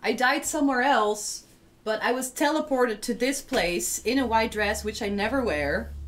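A woman doing a deadpan ghost lady. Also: fairly high pitch, moderate pace, lightly acted. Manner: deadpan, dry, mumbled asides. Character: deadpan female ghost in a white dress. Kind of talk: comedy sketch.

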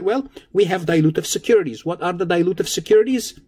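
A man's voice: sits high, fast, warm tone, husky. A man lecturing on accounting in a recorded lesson, explaining patiently and repeating key points with everyday examples.

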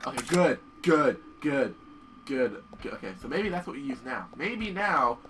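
A man casually commentating on a horror video game as he plays, excitable and swearing often. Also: medium pitch, measured pace, recorded from a distance, background noise. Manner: excitable, profane, yells at the game. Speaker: gameplay commentator. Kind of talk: casual let's-play commentary.

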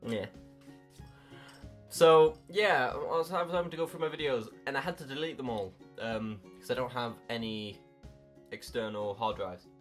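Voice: medium pitch, moderate pace, soft background music. A young adult in their early twenties, chatting casually to camera in a rambling, self-mocking way with casual swearing. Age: early 20s. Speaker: YouTuber. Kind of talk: casual vlog chat.

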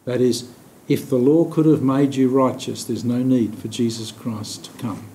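A man leading a Bible study. He explains scripture with many pauses and restarts, and slows down to stress key words. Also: steady tone, mellow. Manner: thoughtful, halting, with many fillers and restarts. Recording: echoey room with faint rumble.

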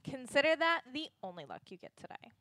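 A woman's voice: sits high, big pitch swings, brisk, sharp tone, no room sound, exaggerated voice. A woman voicing a stern but playful female exam proctor who is an older sister, reading in a dry, mock-stern way.

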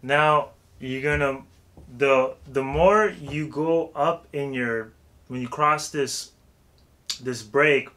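Casual male vocal coach, mid-pitched voice, chatty and loose, filler-heavy delivery. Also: slow, a bit bright. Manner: loose and chatty, heavy with "like" and "you know what I'm saying". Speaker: vocal warm-up instructor. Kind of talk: casual spoken tutorial.

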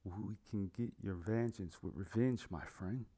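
Guy reading a loyal buddy, earnest, a bit higher than his normal voice. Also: a little slow, warm tone, breathy edge. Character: loyal male friend, warm and steadfast.

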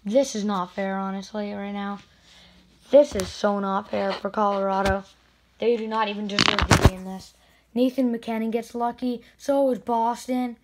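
A woman hockey video creator giving excited spin-the-wheel commentary with indignant outbursts. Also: mid-range voice, normal speed, heavy background noise.

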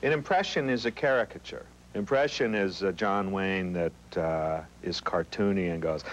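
A man in his forties from Los Angeles, a comedian speaking playfully in a relaxed interview. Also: sits low, normal speed, hardly any pauses, lo-fi sound, a little hiss or hum. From suburban Los Angeles. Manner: playful, demonstrates voices while explaining. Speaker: comedian and actor, interview guest.

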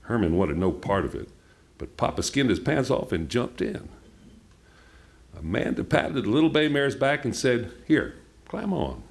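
A man reading a novel aloud at a book event in an unhurried, plainspoken way. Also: mid-range voice, lively intonation, gravelly. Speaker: reader.

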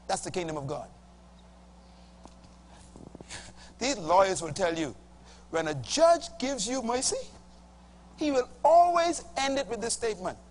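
Emphatic preacher man, lively high voice. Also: a little hiss or hum. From Bahamas. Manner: emphatic preaching, slow stressed words, calls for congregation response. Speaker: pastor. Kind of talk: sermon. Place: church hall before a congregation.

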